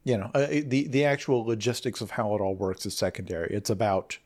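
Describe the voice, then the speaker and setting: A man's voice: lowish voice, fairly quick, darkish tone. A man talking casually about movie trailers on a podcast, musing and opinionated, with frequent restarts. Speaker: podcast panelist.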